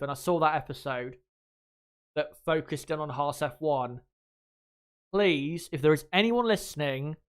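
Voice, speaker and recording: A young Englishman rambles through a live reaction stream in a smooth, clear voice that sits a touch high. He talks frankly and loosely, dropping the odd swear word and laughing easily as he goes. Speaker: channel host. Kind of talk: casual live commentary.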